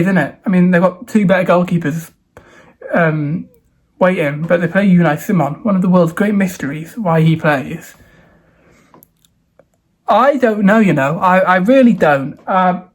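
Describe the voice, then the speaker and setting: A young man, chatting casually to camera as a football vlogger, thinking aloud, dithering and exclaiming as he goes. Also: high voice. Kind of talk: casual solo predictions vlog.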